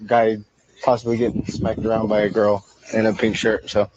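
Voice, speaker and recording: A man's voice: on the low side, flat delivery, moderate pace, darkish tone, muffled recording. A man working as a police officer, questioning someone during a stop and insistently repeating himself.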